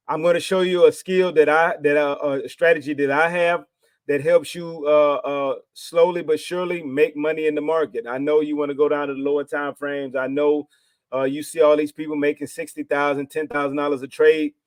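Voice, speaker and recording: Texan man, trading channel host, high voice, casual slang and preachy repeats, dry close mic. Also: steady tone, a little fast, no room sound. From Texas. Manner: repetitive, preachy, informal slang. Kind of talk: casual motivational talk to camera.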